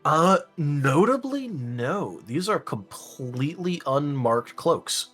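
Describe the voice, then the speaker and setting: A man narrating as game master in a tabletop game, in a relaxed, unhurried way. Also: a little high, husky, faint music behind.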